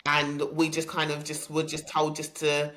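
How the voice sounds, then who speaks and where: Woman, low pitched voice, chatty and open, telling a personal story on a podcast. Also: monotone, moderate pace, a bit bright. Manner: emotional, candid, many ums. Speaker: podcast host.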